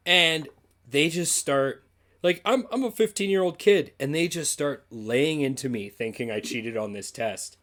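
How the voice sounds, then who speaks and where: A man's voice: mid-range voice, lively intonation, moderate pace, a bit bright. A man from Canada, a podcast co-host, telling a school story in casual chat and swearing freely.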